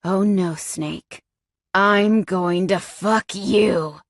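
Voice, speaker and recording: A woman voicing a sadistic, taunting male captor in an audiobook, speaking in low, slow, menacing tones. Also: no echo, studio quality.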